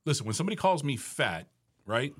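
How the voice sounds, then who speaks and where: A man's voice: mid-range voice, slightly rough. A man co-hosting a podcast in casual chat, provoking his friends with blunt questions. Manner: provocative, rapid, animated questioning. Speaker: podcast co-host.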